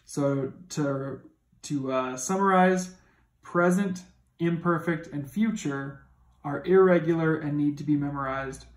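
Patient higher-voiced male Latin teacher. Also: unhurried, rough recording. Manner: patient, methodical, checks in with "okay?". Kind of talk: recorded classroom lesson.

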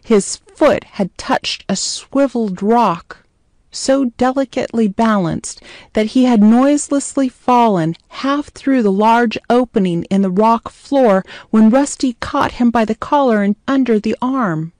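A woman narrating a scripted story in a measured, clear way. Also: on the high side, a little mellow, no room sound, studio quality.

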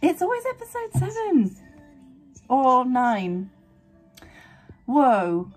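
A woman hosting a casual anime reaction, excitable and gasping, swinging between squeals and quiet murmurs. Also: fairly high pitch, a little slow, slightly rough, soft background music. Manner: excitable, gasping, frequent exclamations. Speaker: anime reaction channel host.

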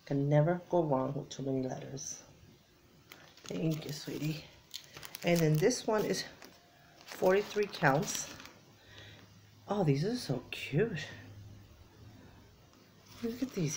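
Woman, low-energy crafting vlogger, lowish gravelly voice, soft-spoken. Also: animated, slow, pauses often, a little hiss or hum. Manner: soft, low-energy, often drops to a whisper. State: tired. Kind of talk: casual unboxing chat.

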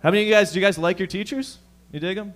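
On a comedy lounge stage, a young stand-up comedian and host from the Toronto area, Canada, speaks in a high, somewhat bright voice. His delivery is profane and rapid-fire, aimed squarely at the crowd.

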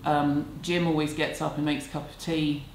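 A woman's voice: deep voice, little pitch movement, moderate pace, a little mellow. Chatty woman in an echoey room. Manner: candid, chatty and self-deprecating. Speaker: vlogger answering viewer questions. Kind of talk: casual chat. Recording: echoey room, faint background hum.

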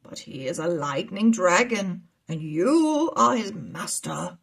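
A woman voicing a calm, wise old wizard in a children's read-aloud story. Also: on the low side, slow pace, vocal fry, husky, exaggerated voice.

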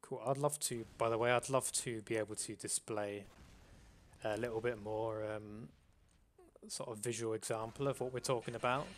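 A man hosting a live stream, explaining game rules in a self-described monotone voice with frequent fillers and restarts. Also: medium pitch, moderate pace. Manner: calls his own voice monotone, many fillers and restarts. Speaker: host.

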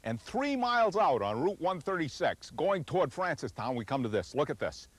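A man's voice: on the high side, sing-song, normal speed, hardly any pauses, breathy edge, dry recording. A man with a New England accent hosting a travel show on location, talking with enthusiasm and lots of exclamations. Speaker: host. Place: outdoors on location.

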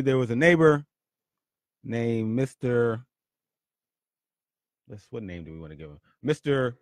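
A man hosting his own podcast, telling a story in a punchy, animated way and often repeating words. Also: mid-range voice, no echo, studio quality. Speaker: podcast host. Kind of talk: storytelling monologue.

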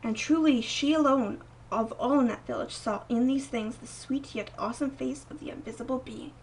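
A young woman reading a picture book aloud at home, gentle and expressive, softening her voice for quieter moments. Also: high-pitched, moderate pace, distant mic, rough recording. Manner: gentle, expressive read-aloud with soft dips for quoted lines. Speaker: storybook reader.

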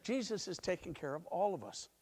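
A man's voice: sits high, very animated, fairly quick, darkish tone. A middle-aged man telling a story to children in a church sanctuary, playful and coaxing. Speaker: church leader giving the children's message. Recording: long church hall reverb.

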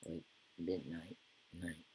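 A man's voice: low-pitched, flat delivery, slow, mellow, a little hiss or hum, poor audio. A man giving casual gameplay commentary as a YouTuber, rambling and full of profane slang. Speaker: gaming YouTuber.

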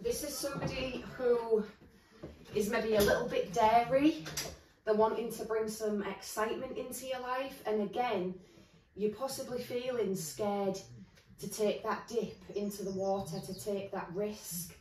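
The speaker is a tarot reader giving a casual reading indoors while standing at a table of cards, earnest and chatty, restarting as she thinks aloud. Her voice is fairly high and darkish, steady in tone, at a measured pace. A roomy echo makes her sound far off.

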